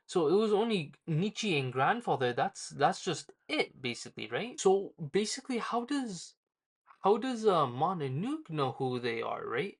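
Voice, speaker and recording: A man's voice: fairly high pitch, big pitch swings, normal speed. A man casually reviewing a manga chapter, rambling with lots of ums and uhs as he loosely retells scenes.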